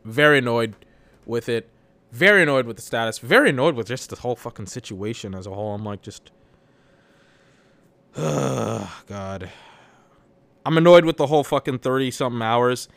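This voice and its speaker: A man's voice: mid-range voice, animated, moderate pace, gravelly, pauses often, a bit bright, no room sound. A young man hosting a solo podcast, ranting about his job in a profane, exasperated, rambling way. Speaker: podcast host. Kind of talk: solo venting rant.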